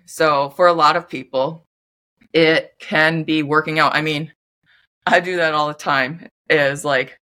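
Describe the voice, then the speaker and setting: A woman's voice: lowish voice, pushed and bright. A young woman talking candidly to camera in a casual self-help monologue, chatty, full of "like" and swearing freely. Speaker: vlogger.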